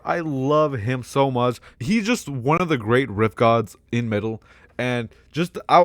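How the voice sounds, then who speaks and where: A young man rambling casually as a vlogger, excitable, swearing a lot and laughing often between remarks. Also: medium pitch, dry recording, clean studio sound.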